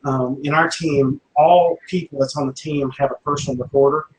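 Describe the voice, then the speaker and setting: A man's voice: a little high, steady tone, normal speed. A man speaking as a paranormal investigator guest in casual chat, rambling with many fillers and restarts. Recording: roomy echo, faint background noise.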